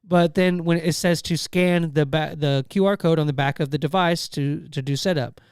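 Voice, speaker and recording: A podcast co-host tells stories in a loose, meandering way, full of "um" and "like" and self-corrections. His voice is a little high and very smooth, and it is recorded close and dry. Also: steady tone, normal speed, a little mellow, dry recording. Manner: rambling storyteller, frequent fillers and restarts. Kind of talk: casual chat.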